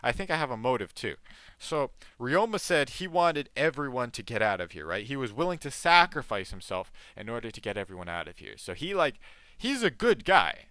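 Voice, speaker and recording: A man streaming a live game playthrough, thinking aloud excitedly and reading the dialogue in character voices. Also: brisk, clear, resonant tone, no room sound. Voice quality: deep voice by his own account.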